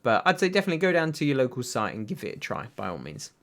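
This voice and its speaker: A man's voice: mid-range voice, huge pitch swings, very fast, a bit bright. A British man hosting a casual livestream, answering viewers' chat in a rambling way with lots of ums and uhs. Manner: rambling, filler-heavy, answers chat questions. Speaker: livestream host reading chat.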